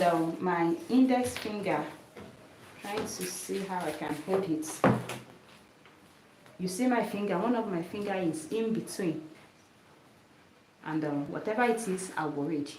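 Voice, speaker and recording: A woman's voice: medium pitch, a little mellow, a little hiss or hum. Patient woman teaching sewing, roomy echo. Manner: patient, repeats steps, asks "did you see it?". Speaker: sewing instructor. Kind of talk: hands-on demonstration lesson. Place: sewing workroom with a mannequin. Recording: echoey room, voice from a distance.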